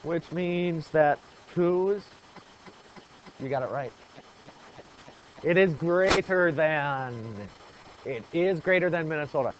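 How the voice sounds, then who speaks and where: A man's voice: on the high side, slow, long pauses, highs cut off, a little hiss or hum. A man teaching a geography lesson in a classroom, quizzing the students with call-and-response questions. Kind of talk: classroom lecture.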